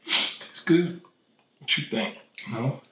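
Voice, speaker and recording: A man giving brief, low-key replies in casual chat at home. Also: takes it slowly. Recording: distant, roomy with faint background noise.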